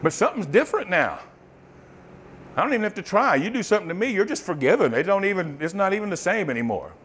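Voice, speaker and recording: A man preaching a sermon, swinging from loud fervent bursts to soft, murmured testimony. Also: high-pitched, big pitch swings, fast talker, slightly rough.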